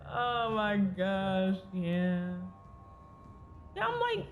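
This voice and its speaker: A woman's voice: a little high, sing-song, unhurried, a little hiss or hum. A woman streamer giving chatty, giggly commentary while playing a video game and talking back to its characters. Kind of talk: casual gameplay commentary. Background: faint game music.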